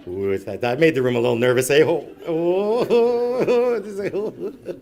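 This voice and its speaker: A man's voice: medium pitch, moderate pace, vocal fry, darkish tone, slight background noise. A middle-aged man doing stand-up storytelling, rambling and self-mocking, tagging "eh" onto his lines. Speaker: comedian. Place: live event room.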